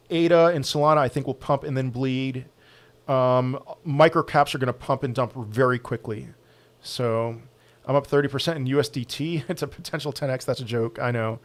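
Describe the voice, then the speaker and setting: In a casual live Q&A, an American crypto channel host answers viewer questions with blunt, quick opinions. His voice is medium-pitched, and he grows animated and louder when the subject turns to sports.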